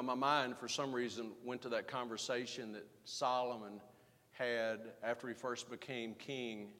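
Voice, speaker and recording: A man preaching a sermon as pastor, swinging from emphatic rising lines to quiet, hushed asides. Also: mid-range voice, in a large hall.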